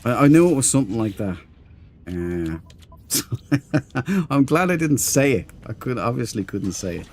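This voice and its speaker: Very animated in a darkish, mid-range voice, this man speaks at a moderate pace with long pauses. While playing a game on stream, he rambles chattily, reads messages from viewers and responds, laughing readily.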